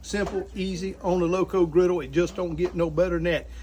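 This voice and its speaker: A man with a drawl and a fairly high voice talks folksy straight to his viewers as he cooks outdoors. The meat sizzles loudly on the griddle behind him. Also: steady tone, a little fast, slight background noise, poor audio. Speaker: cooking channel host. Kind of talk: casual outdoor cooking vlog.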